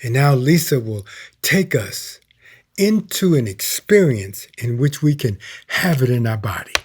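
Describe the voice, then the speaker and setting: A man giving a sermon as minister, slow and emphatic, dropping to a hushed tone for prayer. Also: medium pitch, very animated, breathy edge.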